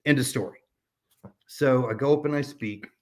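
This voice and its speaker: A man's voice: medium pitch, normal speed, a little mellow. A man in his thirties telling a personal story in a casual chat, rambling with many fillers and restarts. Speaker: podcast guest.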